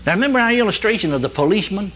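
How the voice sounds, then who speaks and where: Folksy preacher, lively pitch. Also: male voice, rapid-fire, slight background noise. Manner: folksy storytelling with frequent "amen" and "you see". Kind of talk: sermon. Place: church meeting hall before a congregation.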